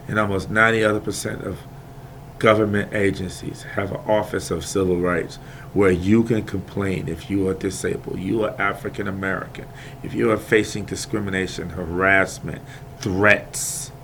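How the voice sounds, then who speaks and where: A man in an impassioned, digressive monologue, repeating himself and swinging between quiet talk and loud outbursts. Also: fairly low pitch, a little hiss or hum. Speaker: video maker airing grievances.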